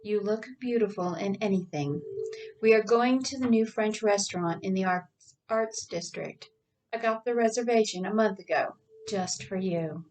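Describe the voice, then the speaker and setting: A woman voicing a gentle, affectionate middle-aged husband and father. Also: medium pitch, normal speed, distant mic, close to an everyday voice, low-quality recording. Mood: tender.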